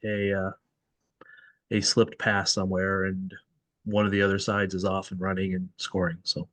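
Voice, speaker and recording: A man's voice: low-pitched, monotone, normal speed, fairly bright tone, dry recording. A man hosting a soccer podcast in casual chat, thinking aloud and correcting himself as he goes. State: tired. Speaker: podcast host.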